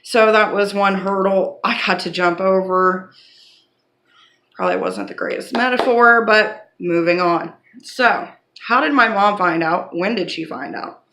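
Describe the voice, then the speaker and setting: A woman with a bright, clear voice tells a personal story straight to camera. She talks in a casual, blunt, candid way, swearing freely. Her pitch sits in the middle range. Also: a little slow. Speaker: vlogger.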